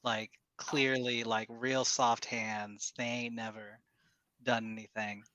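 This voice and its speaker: A player in a tabletop game describing their actions in a relaxed, rambling way. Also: mid-range voice, takes it slowly, slight background noise. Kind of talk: casual tabletop play.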